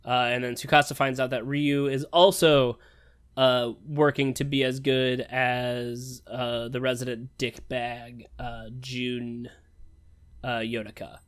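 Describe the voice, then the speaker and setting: A man co-hosting a podcast, recapping episodes in loose, profane casual chat with quick quoted asides. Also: mid-range voice, level tone, fairly bright tone, clear, resonant tone, no room sound. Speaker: podcast co-host. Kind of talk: casual anime review chat.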